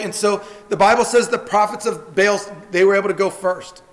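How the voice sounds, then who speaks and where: An earnest male pastor preaching to his congregation, often doubling words as he begins a thought. His voice sits high for a man. The sound carries a long church-hall reverb. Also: fairly even intonation, fairly quick, few pauses. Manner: earnest, repeats words when starting phrases. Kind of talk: sermon. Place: church sanctuary.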